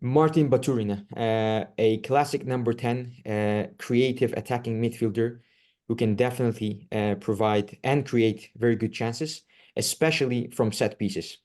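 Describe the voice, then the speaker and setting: A man co-hosting a football podcast, giving earnest analysis in a halting way with many fillers. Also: medium pitch, steady tone, a little mellow. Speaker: podcast co-host.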